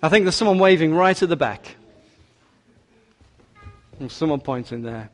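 A man's voice: fairly high pitch, animated, normal speed. A man preaching a sermon in a church, emphatic and repetitive, drawing in the congregation. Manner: emphatic, repeats key words, talks with congregation.

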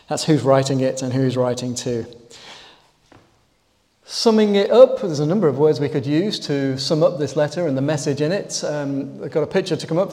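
Male preacher, mellow tone, conversational sermon delivery, church hall reverb. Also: mid-range voice. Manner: conversational, emphatic on key words.

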